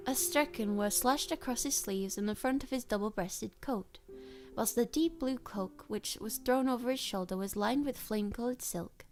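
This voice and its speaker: Woman streamer, relaxed story reader, slightly high voice, faint music bed. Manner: relaxed, stumbles and corrects herself. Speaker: streamer reading aloud. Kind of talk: casual story reading.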